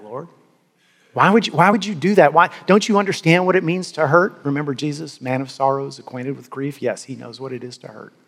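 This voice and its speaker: A male pastor delivering a sermon in a fairly high voice for a man, earnest and emphatic, doubling words as he presses his point. His voice carries a long hall reverb, as in a church sanctuary.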